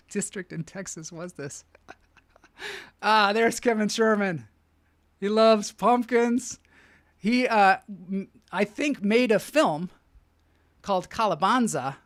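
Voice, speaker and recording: A man's voice: sits high, dry recording. A man hosting a live online show, telling rambling comic stories and reading out the chat, often laughing at his own jokes.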